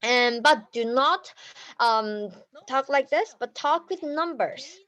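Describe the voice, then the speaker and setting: Female trainer, high voice, animated, laughs and acts out examples, loose non-native english. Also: takes it slowly, lo-fi sound. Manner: slightly non-native, ungrammatical phrasing. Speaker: business trainer. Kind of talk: training talk.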